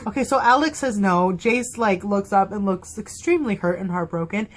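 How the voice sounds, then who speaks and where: A young woman at home reviewing a TV episode in casual fan chat, excitable and gushing, her voice swinging widely as her feelings run high. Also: normal speed. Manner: excitable, gushing, with big emotional swings in pitch. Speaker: TV show reviewer.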